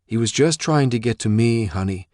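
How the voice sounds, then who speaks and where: A man's voice: mid-range voice, animated, moderate pace, a little mellow, dry recording, clean studio sound, pitched above the performer's own voice, lightly acted. A man voicing an anxious, protective father who pleads and defends himself. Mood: defensive.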